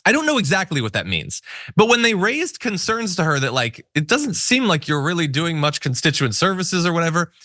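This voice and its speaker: A man hosting a political commentary show, talking in a sarcastic, animated way. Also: high-pitched, dry recording, studio quality. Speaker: show host.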